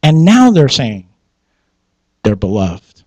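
A man's voice: mid-range voice, huge pitch swings, slow pace, dark tone, husky, no room sound, low-quality recording. A man, a pastor, preaching a sermon in a conversational way, asking rhetorical questions and laughing at his own asides.

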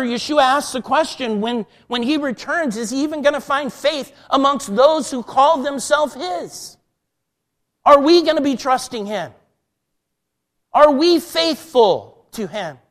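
A man preaching a sermon, repeating key phrases slowly and with emphasis, rising at times to near-shouted prayer. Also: very high voice. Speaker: pastor. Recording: long reverb of a hall.

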